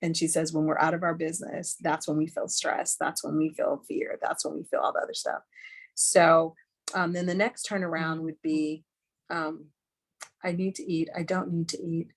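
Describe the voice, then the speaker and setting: A woman's voice: deep voice, little pitch movement, normal speed. A middle-aged woman giving a candid, chatty teaching talk on a video call, earnest and full of fillers. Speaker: webinar speaker.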